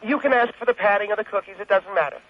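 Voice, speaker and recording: A man's voice: sits high, very fast, pitched above the performer's own voice. A man voicing a chatty, motherly middle-aged woman who gives bra-shopping advice and calls the caller darling, in a comic radio call-in bit. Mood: advising. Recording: dull, muffled radio recording.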